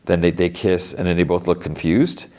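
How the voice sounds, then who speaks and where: Low-voiced male podcast host, loose rambling recap, heavy on filler words. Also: moderate pace, darkish tone. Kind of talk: casual episode recap.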